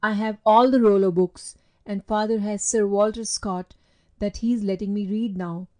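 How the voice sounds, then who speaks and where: A woman voicing a timid, gentle young boy who speaks softly and wistfully in a storybook reading. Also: medium pitch, fairly even intonation, normal speed, lightly acted. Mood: earnest. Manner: soft and wistful.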